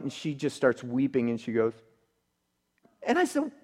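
A man preaching a sermon, telling a story that swings between emphatic outbursts and hushed, quiet passages. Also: high-pitched, big pitch swings, normal speed. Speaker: pastor.

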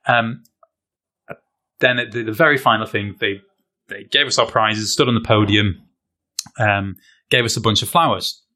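A British man, a guest, telling a funny anecdote in a casual chat. He is an animated, self-deprecating storyteller who uses British slang. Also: lowish voice, moderate pace, long pauses. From Britain. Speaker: guest, fencer.

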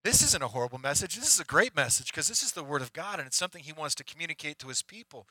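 Pastor guy in church, bright forceful voice, real dry sound, chatty and candid. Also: on the high side, big pitch swings, rapid-fire, husky, dry recording, rough recording. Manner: candid, conversational, with frequent restarts. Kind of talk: sermon. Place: church sanctuary.

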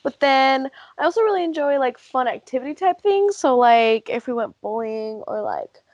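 Woman co-host, casual chat, higher voice with very lively pitch, dry close sound. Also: normal speed, no room sound, lo-fi sound. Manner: lively recap with frequent laughs and fillers. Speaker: podcast co-host.

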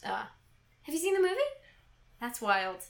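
A young woman hosting a podcast in casual chat, animated and laughing as she acts out lines from a play. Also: a little high, moderate pace, vocal fry, roomy sound. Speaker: podcast host.

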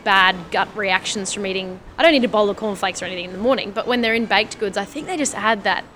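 A woman's voice: mid-range voice, fast, a bit bright, a little hiss or hum. A woman with an Australian accent chatting casually as host, laughing often and asking curious questions. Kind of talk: casual chat.

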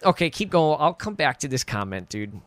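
Easygoing male co-host, slightly higher voice, lively inflection, dry sound. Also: a little fast, no room sound. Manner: laid-back, chiming in and laughing along. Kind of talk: casual movie recap chat.

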